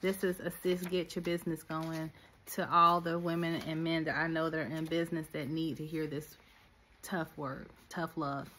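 A middle-aged woman minister and business coach preaching to her listeners in an animated, direct way. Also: deep voice, normal speed, a little hiss or hum. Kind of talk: sermon-style teaching.

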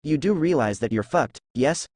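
A man's voice: fairly high pitch, lively intonation, moderate pace, a little mellow, no room sound, studio quality. Grumpy ancient fox spirit, curt and scornful, read by a man. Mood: snappish. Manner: curt and snappish.

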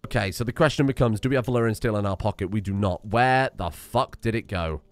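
A man's voice: on the low side, fast, no room sound. Man giving dry, muttered gameplay commentary. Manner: talks to himself while playing, swearing and exasperated. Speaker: let's play streamer.

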